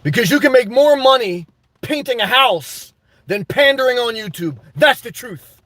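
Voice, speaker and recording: A man hosting a live stream, ranting emphatically about his life and shouting out his supporters, worked up and sweating. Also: extremely high pitch, lively intonation, normal speed, dry recording. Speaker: livestream host.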